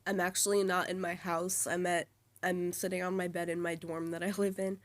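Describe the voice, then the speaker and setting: A young college-age woman talks on camera from her dorm bed, rambling along with plenty of fillers and restarts. Her voice sits fairly low and stays flat, with little rise and fall. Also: normal speed. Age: young adult. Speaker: vlogger. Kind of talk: casual chat.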